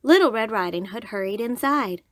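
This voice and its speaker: A woman reading a children's storybook aloud in a slow, lilting, expressive way. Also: a little high, no room sound, studio quality.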